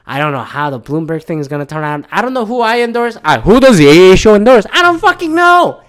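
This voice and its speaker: A man's voice: fairly high pitch, lively intonation, fast talker, clean tone. A man hosting a podcast, from Michigan, ranting casually about politics in a profane, rambling, sarcastic way. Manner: profane, rambling, sarcastic, mocking voices of others. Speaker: podcast host.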